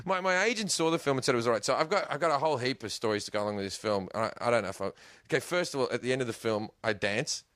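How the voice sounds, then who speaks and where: A man's voice: mid-range voice, rapid-fire, hardly any pauses, fairly bright tone, dry recording, clean studio sound. An Australian man, a podcast guest, telling stories in casual chat, laughing often and swearing freely.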